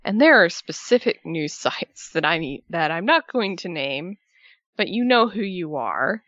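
A woman chatting casually as a wrestling podcast co-host, emotional and animated, with a swear here and there. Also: lowish voice, a little slow, no room sound. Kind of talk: casual fan chat. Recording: dull lo-fi sound.

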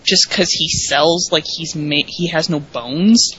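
A woman's voice: sits low, slow pace, fairly bright tone, husky, dull audio. A woman co-hosting a casual wrestling recap podcast, chatty and thinking aloud with restarts. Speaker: co-host.

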